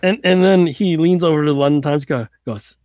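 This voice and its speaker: A man narrating a tabletop game as game master, hesitant with many pauses and restarts. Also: a little high, a little mellow, no room sound.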